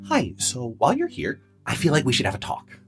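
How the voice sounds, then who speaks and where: A man's voice: mid-range voice, wildly swooping pitch, a little fast, a bit bright, husky, soft background music, exaggerated voice. A man voicing a small winged female cat in a tabletop game, hesitant and full of ums and uhs, shy but protective. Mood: awkward polite. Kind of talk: tabletop role-play voice acting.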